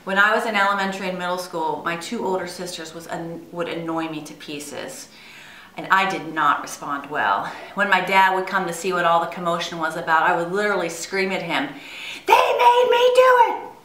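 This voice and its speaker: A woman's voice: lowish voice, fairly even intonation, brisk, bright, forceful tone, a little hiss or hum. Earnest woman preaching in an echoey room. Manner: earnest, rhetorical questions. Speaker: church speaker. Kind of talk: devotional sermon. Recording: echoey room, far from mic.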